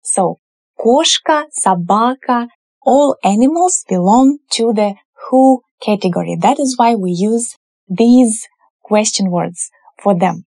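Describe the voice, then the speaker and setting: A woman teaching a language lesson, explaining each word form slowly and patiently. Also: a little high, expressive, warm tone, husky, no echo.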